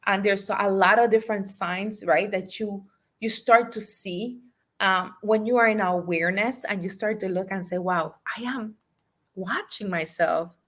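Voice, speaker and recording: A woman's voice: medium pitch, fairly even intonation, moderate pace, a bit bright. Woman coach, motivational delivery, leans on repetition and direct questions to listeners. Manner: emphatic, repeats key phrases, asks the audience questions. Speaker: life and business coach.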